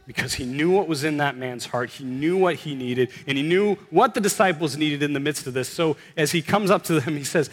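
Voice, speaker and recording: A man preaching a sermon, earnest and conversational, rising to emphatic exclamations at the high points. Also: normal speed, few pauses. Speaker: pastor. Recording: long hall reverb.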